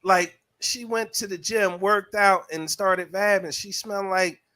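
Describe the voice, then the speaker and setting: A man hosts a podcast in loose, crude chat, reading listener comments aloud in a voice. His voice sits a little high for a man. The delivery is animated and profane. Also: unhurried. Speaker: podcast host. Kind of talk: casual chat.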